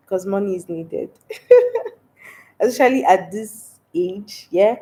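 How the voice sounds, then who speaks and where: A woman's voice: medium pitch, slow, long pauses, mellow. A young Nigerian woman with a stuffy, congested voice from a cold, chatting casually on a livestream and laughing often. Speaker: livestream host. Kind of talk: casual livestream chat reading comments.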